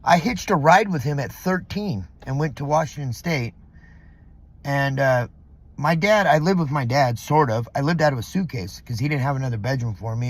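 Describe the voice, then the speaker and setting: Recorded in a parking lot, a middle-aged man from Southern California rants through a profane, filler-heavy vlog. His voice is medium-pitched and gravelly.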